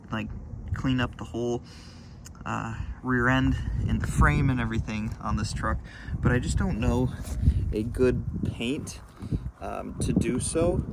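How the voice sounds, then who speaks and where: A man casually narrating his own do-it-yourself car work, rambling and thinking aloud with fillers. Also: medium pitch. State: out of breath at times. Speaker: DIY car vlogger. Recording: loud background noise.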